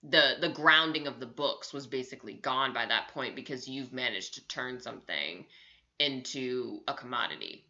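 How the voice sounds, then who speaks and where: Woman, low voice, bright forceful tone, casual podcast co-host, chatty and hedging, slightly muffled audio. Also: normal speed. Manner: chatty, hedging, full of "like" and "you know". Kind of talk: casual pop-culture review chat. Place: lives in New York.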